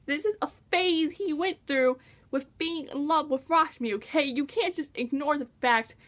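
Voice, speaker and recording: A woman's voice: sits high, moderate pace, a bit bright. A young woman reviewing a book in a casual vlog, gushing and exasperated, full of exclamations.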